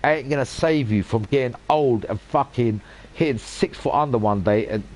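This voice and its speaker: A man in his forties talking casually over a racing game. He drifts into blunt, profane rants and hammers his points home by repeating them. His voice sits at an ordinary middle pitch. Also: moderate pace, a little mellow. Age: 40s. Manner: swears a lot, rants emphatically with repeated phrases. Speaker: gaming channel host. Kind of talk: casual rambling commentary over gameplay.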